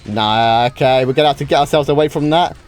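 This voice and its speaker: Medium in pitch and quick in pace, this UK gaming streamer offers casual commentary on his own live duels. He keeps reacting to the play with wows and often begins sentences again, with faint game music behind him.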